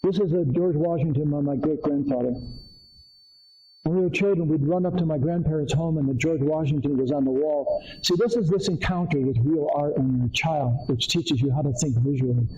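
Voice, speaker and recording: Brisk and warm, with a fairly high pitch, an older Connecticut artist addresses a live audience in a community arts center meeting room. The highs are cut off in the recording. He tells meandering anecdotes about his artwork, often restarting and leaning on fillers.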